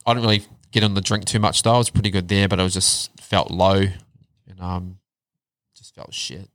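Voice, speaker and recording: Thirties New man, low-pitched and candid, swears casually, dry close mic. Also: steady tone, fairly quick, fairly bright tone, dry recording. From New Zealand. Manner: candid storytelling, swears freely, drops to a low murmur on hard parts. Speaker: guest. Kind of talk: casual chat.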